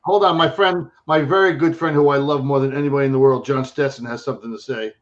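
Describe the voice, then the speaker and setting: A man's voice: mid-range voice, fairly even intonation, fast talker, dull audio. A man hosting a casual interview, blunt and joking, who swears freely as he hurries his guest along. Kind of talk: casual chat.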